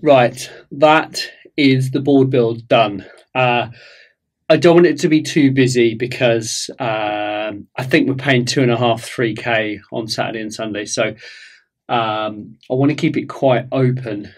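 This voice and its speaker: A man chatting his way through a hobby build in a loose, rambling way. He thinks aloud and fills pauses with ums and uhs. His voice sits at an ordinary middle pitch. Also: steady tone. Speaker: hobby vlogger. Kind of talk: casual hobby narration.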